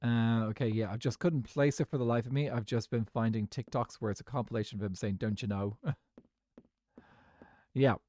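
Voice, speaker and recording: A man's voice: mid-range voice, steady tone, moderate pace, pauses often, warm tone. An Irish man streaming a game, chatting casually and thinking aloud to his viewers in a rambling way. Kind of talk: casual live-stream chat while gaming.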